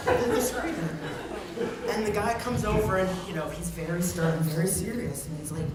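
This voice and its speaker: A man's voice: high voice, lively intonation, normal speed, over a noisy crowd. Chatty man telling a story in an echoey hall. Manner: chatty, laughing as he tells a funny story. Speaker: eulogy speaker. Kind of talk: storytelling speech at a memorial. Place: memorial gathering in a large room. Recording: very echoey room, far from the mic, heavy noise.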